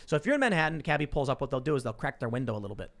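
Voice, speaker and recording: A man's voice: medium pitch, sing-song, very fast, fairly bright tone. A man hosting a podcast, telling stories in casual chat and acting out the people he quotes. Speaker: podcast host.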